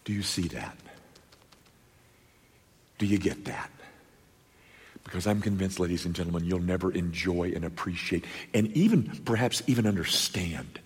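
Emphatic preacher in an echoey hall. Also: male voice, deep voice, expressive, darkish tone, husky. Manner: emphatic, dramatic pauses, rhetorical questions. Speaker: pastor. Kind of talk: sermon. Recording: long echoey church reverb.

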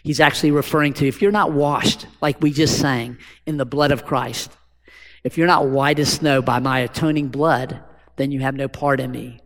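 Speaking at a normal pace with fairly even intonation, this man has a medium-pitched voice. He preaches as a pastor, chatting with the congregation and posing rhetorical questions, with long hall reverb on the recording.

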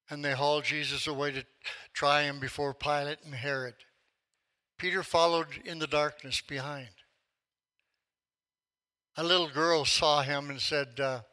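Older male pastor, 70s, storytelling sermon voice, slightly high and very bright. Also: poor audio. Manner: storytelling, acts out quotes with rising force.

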